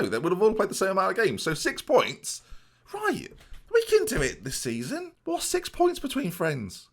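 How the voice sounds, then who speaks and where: A man's voice: mid-range voice, a bit bright. A man commentating a football management video game play-by-play, addressing viewers with jokey asides.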